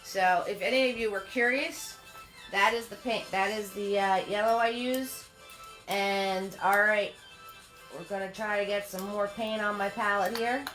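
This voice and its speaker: Woman, painting instructor, live-stream lesson, unhurried, bright tone, faint music behind. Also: medium pitch, steady tone. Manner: chatty, laughs often, greets viewers by name. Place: home studio.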